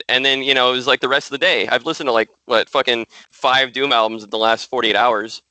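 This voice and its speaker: A man's voice: mid-range voice, steady tone, brisk, sharp tone, clear, resonant tone, no echo, poor audio. A married man talking as a podcast guest in loose casual chat, telling a story with many "you know"s.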